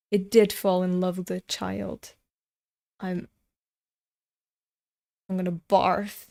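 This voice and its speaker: Woman in her twenties, slow unhurried delivery, blunt and sweary, comic read-along commentary. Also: fairly low pitch, level tone, creaky, darkish tone. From Europe. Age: 20s. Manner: frank, ranting, swears freely. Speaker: webcomic reader and commentator. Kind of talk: reading a comic aloud with commentary.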